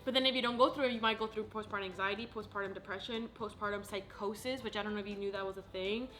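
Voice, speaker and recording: A young woman, a new mother, chatting casually and emotionally in a vlog, effusive and quick to laugh. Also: medium pitch, steady tone, a bit bright, slight background noise. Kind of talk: casual chat.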